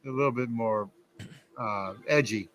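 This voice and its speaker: A man chats casually and gives frank opinions on a design. His voice has a bright, forward edge. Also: medium pitch, unhurried, a little hiss or hum. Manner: opinionated, critiques watch design. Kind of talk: casual chat.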